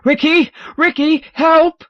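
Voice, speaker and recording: A man's voice: very high voice, steady tone, slow, highs cut off, pitched above the performer's own voice. A male narrator voicing a panicked man trapped in an alien body, screaming in terror. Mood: terrified shrieking.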